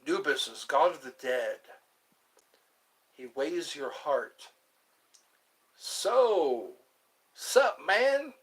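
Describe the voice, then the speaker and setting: A man's voice: mid-range voice, animated, drawn-out words, pauses often, a little hiss or hum. Guy rambling on his stream, goes all up and down, greets folks in chat. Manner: rambling, drifts between topics and hums snatches of songs. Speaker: livestream host. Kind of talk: casual livestream chat with viewers.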